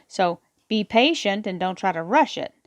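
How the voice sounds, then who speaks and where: A woman's voice: medium pitch, animated, normal speed, dry recording. A woman reading tarot cards aloud, explaining each card in a reassuring, encouraging way and calling her listeners her darlings. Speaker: tarot reader.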